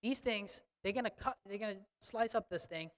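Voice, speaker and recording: A man's voice: high-pitched, normal speed, fairly bright tone. A male pastor preaching a sermon in an emphatic, conversational way, often checking in with the congregation. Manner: emphatic, conversational, frequent "okay?". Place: church sanctuary. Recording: long church reverb.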